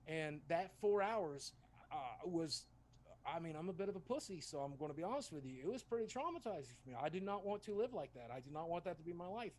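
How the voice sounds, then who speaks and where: Man, quick talker, swears a lot, candid storytelling, faint background hiss. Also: a little high, lively intonation, a little mellow. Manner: profane, candid, fast-talking. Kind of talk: casual storytelling.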